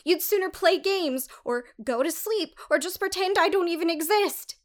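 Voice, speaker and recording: A woman's voice: very high voice, normal speed. A woman voicing a distraught young wife who pleads tearfully with her husband in an audiobook. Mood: hurt. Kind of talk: audiobook dialogue.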